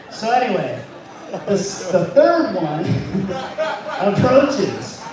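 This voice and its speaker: High-pitched guy rambling through a joke onstage, slow, kinda far from the mic, big echo. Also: very animated, crowd noise. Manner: rambling, loses track of his own joke. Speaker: stand-up comic. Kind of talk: stand-up joke telling at an open mic. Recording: echoey room, far from the mic, faint room noise.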